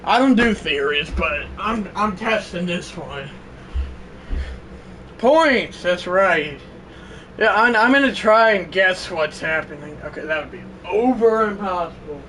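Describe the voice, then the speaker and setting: A man commentating a football video game on a live stream, excitable and breaking into shouted exclamations. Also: high-pitched, measured pace. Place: indoors, on the floor next to a fan. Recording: distant mic with fan noise.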